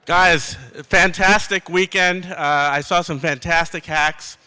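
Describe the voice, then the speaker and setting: A man's voice: a little high, steady tone, slow, sharp tone, smooth. A man giving a sponsor speech to a crowd, a little out of breath and upbeat. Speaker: corporate sponsor speaker.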